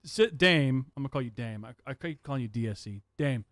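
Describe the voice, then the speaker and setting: A man hosting a livestream, chatting casually with viewers in an excitable, profane way and laughing often. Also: mid-range voice, fairly quick. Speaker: livestream host.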